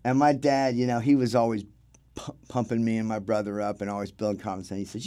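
A man's voice: fairly low pitch, fairly quick, warm tone. A middle-aged man telling stories in a casual interview as a guest, acting out the voices of the people he quotes. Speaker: interview guest, film crew grip.

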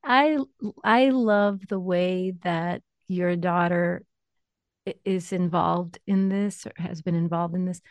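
A woman's voice: fairly low pitch, steady tone, slow, no room sound. A woman interviewer, enthusiastic, who laughs along with her guest. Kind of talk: conversational interview.

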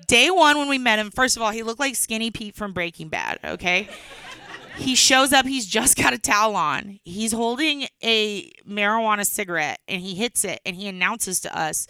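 A woman's voice: mid-range voice, pushed and bright, clear, resonant tone, no echo. A woman from Texas telling rambling comic stories as a stand-up comedian, laughing between lines. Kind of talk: storytelling stand-up.

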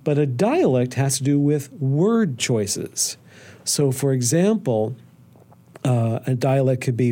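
A man's voice: medium pitch, expressive, slow pace, mellow. A man who is a documentary filmmaker, talking thoughtfully in an interview and asking rising questions. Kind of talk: interview answers.

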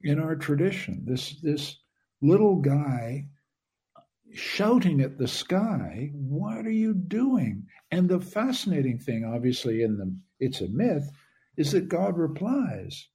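Slow, husky-voiced male author. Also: fairly high pitch, big pitch swings, dark tone. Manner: thoughtful, measured, dramatizes quoted questions. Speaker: author guest. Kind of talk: reflective interview answers.

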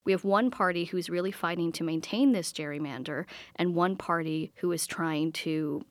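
A woman from Wisconsin interviewing a guest, asking deliberate, probing questions about politics. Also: lowish voice, no echo.

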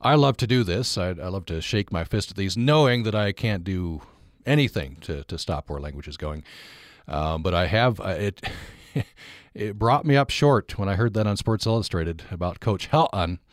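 Low-voiced male radio host. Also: animated, moderate pace, no room sound, studio quality. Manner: conversational, wry, chatty. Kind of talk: radio interview and call-in hosting.

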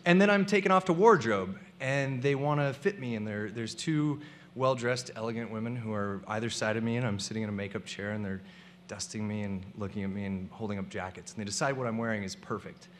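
A man's voice: lowish voice, a little fast, a little hiss or hum. A young man telling a comic personal story to a live audience, acting out the people he quotes.

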